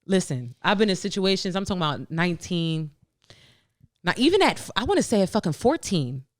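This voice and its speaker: A young adult woman co-hosting a podcast, talking candidly in a casual chat, swearing freely and often laughing, and dropping to a low, hushed tone when she quotes her inner voice. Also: big pitch swings, a little fast, dry recording, clean studio sound. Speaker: podcast co-host.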